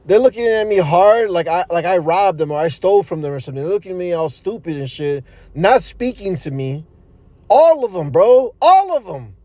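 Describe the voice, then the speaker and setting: A man telling his testimony in a loose, animated storytelling style, cursing freely, laughing at his own story and leaning on fillers. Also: high voice, brisk, no echo. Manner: animated, profane street talk with frequent fillers. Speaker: speaker giving a testimony.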